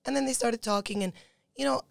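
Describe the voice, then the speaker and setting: A young woman from Cyprus speaks as a podcast guest, telling a story at a quick clip. She slips into the voices of the people in it. The sound is dry and close. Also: a little high, gravelly, no room sound. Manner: fast, animated storytelling that acts out other people's words. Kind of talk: casual storytelling.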